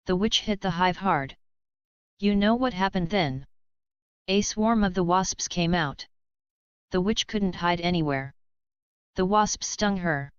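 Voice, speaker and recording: A woman narrating a bedtime story in a plain, even storytelling manner, in a dull lo-fi recording. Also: lowish voice, a little slow, clean tone, no echo.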